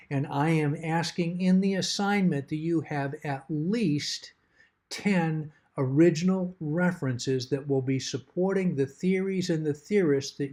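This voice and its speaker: A middle-aged man explaining a course assignment in a measured, emphatic way, repeating key words to stress them. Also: a little high, dark tone. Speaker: course instructor. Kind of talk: recorded course assignment overview.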